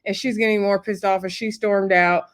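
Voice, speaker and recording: A woman's voice: mid-range voice, steady tone, normal speed. A woman, chatting casually and rambling as she recaps a reality show, acting out what the cast said. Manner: chatty and rambling, acts out quotes.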